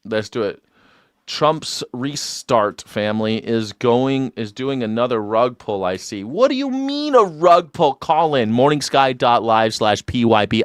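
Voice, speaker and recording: A man hosting a live call-in stream, talking in a mocking, sarcastic way and swinging between mock outrage and low asides. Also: dry recording, studio quality.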